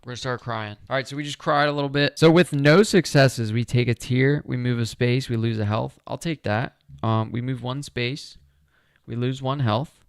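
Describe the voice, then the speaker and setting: A man's voice: mid-range voice, steady tone, moderate pace, smooth, no echo, clean studio sound. A man talking himself through a solo board game playthrough, chatty and upbeat as he explains each move.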